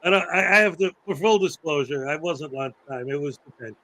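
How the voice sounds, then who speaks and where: High-voiced man chatting casually as host. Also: brisk, bright, forceful tone, poor audio. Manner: rambling, laughs often, acts out anecdotes. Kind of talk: casual chat.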